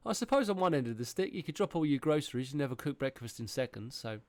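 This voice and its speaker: An English man in his thirties who talks casually on a podcast, swearing often and breaking into animated exclamations. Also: mid-range voice, fast, no room sound. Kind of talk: casual chat.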